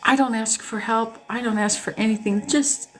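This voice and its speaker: A woman's voice: on the high side, normal speed. Candid woman chatting over faint music. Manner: animated, candid, swears freely. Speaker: host. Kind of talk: casual storytelling chat to a live audience.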